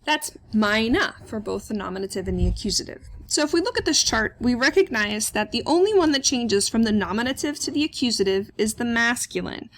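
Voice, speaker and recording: A woman's voice: fairly high pitch, lively intonation, a little fast, few pauses, a bit bright. Woman, patient classroom lecturer; methodical step-by-step explanations with frequent filler words. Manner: explains step by step, asks questions aloud and answers them, many "uh" fillers. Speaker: German teacher.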